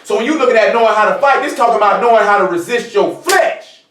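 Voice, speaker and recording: A man gives a loose, conversational sermon and keeps checking in with his listeners as he goes. His voice sits high for a man. He is recorded from a distance in an echoey room. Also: fast talker, a bit bright, slight background noise. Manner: conversational, repeats "you know what I'm saying". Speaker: preacher. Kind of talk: informal sermon teaching.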